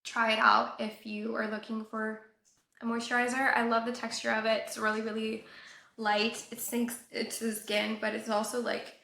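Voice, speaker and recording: Young woman, from Colombia, casual beauty vlog, slightly nasal from a cold, lots of "like", vocal fry, echoey room. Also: fairly high pitch, completely flat delivery, normal speed, pushed and bright. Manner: chatty, says "like" often. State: recovering from a cold, a bit nasal. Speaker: beauty vlogger. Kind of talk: casual product review.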